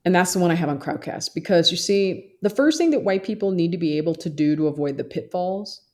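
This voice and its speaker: A woman's voice: on the low side, expressive, brisk, darkish tone. A woman therapist talking emphatically in a podcast interview, often mimicking other people's voices. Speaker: therapist and social worker guest.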